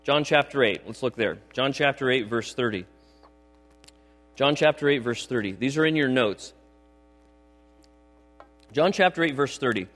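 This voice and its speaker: In a mid-range, slightly bright voice with lively intonation, a middle-aged pastor preaches at normal speed, pausing often. His sermon is emphatic and conversational with frequent check-ins, recorded in a church sanctuary with long hall reverb and mains hum.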